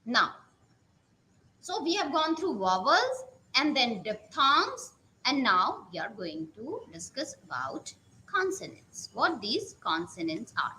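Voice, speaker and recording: Woman, teacher, pronunciation lesson, repeats sounds, high, lively pitch. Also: a little hiss or hum, rough recording. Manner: slow, repeating each sound, drawn out vowels.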